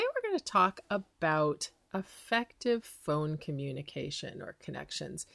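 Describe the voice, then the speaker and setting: A chatty woman hosts a small business podcast and gives advice at a brisk clip. Her voice sits a little low for a woman. The sound is close and dry, with no room echo. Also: vocal fry. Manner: lively, chatty, quick-talking with laughs.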